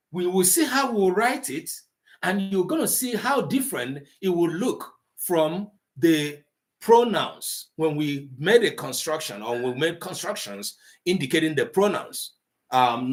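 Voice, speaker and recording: A man teaching a live online language class, slowly sounding out syllables in high and low tones. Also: fairly bright tone. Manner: slow, deliberate teaching, mixing English and Igbo.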